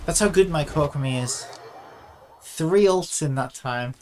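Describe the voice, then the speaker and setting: A man giving excitable, sarcastic live commentary while playing a video game. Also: fairly high pitch, measured pace, faint music behind. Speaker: gaming streamer.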